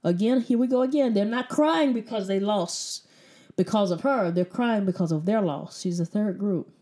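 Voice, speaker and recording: Woman, preacher, sermon, mellow warm tone, emphatic, repeats lines for effect. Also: mid-range voice, normal speed. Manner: emphatic, rhetorical questions, repeats phrases.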